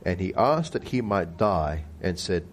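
A low-voiced man with a sing-song delivery gives an expository Bible teaching, a slight hiss or hum in the background. He keeps asking listeners rhetorical questions and slows down to stress key words.

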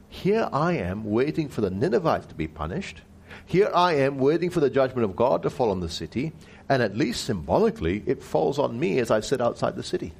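A man teaching through a Bible passage, his voice swinging widely up and down as he presses a point. He keeps tossing rhetorical questions at his listeners and draws out key words for emphasis. His pitch sits in the middle range for a man. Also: very animated, fairly quick, gravelly, darkish tone, slight background noise.

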